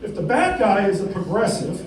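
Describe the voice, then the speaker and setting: A middle-aged stand-up comedian rambles through his set, checking in with the crowd. His voice sits high. It is captured from afar in a very echoey, noisy club. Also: big pitch swings, moderate pace. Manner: rambling, conversational, keeps asking "right?". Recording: echoey room, distant mic, noisy.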